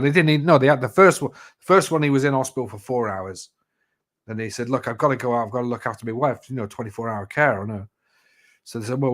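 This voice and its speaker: Rambling, swearing man. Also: on the low side. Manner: rambling, swears a lot, fillers like "you know". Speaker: live chat host. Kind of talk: casual chat.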